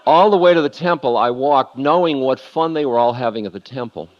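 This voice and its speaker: A spiritual lecturer telling a confessional story candidly and laughing at himself, heard on a muffled lo-fi tape. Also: male voice, medium pitch, brisk.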